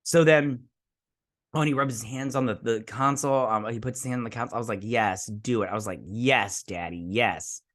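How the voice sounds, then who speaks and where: A man hosting a show, excitedly recapping an episode like a gushing fan, with lots of fillers and restarts. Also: mid-range voice, fast. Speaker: host.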